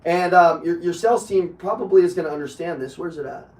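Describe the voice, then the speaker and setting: A man running a live sales training, brash and profane, pumping up his audience and breaking into shouts. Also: a little high, fast talker, roomy sound, far from the mic, rough recording. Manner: brash, profane, fired-up coaching, bursts into shouting. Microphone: online video call.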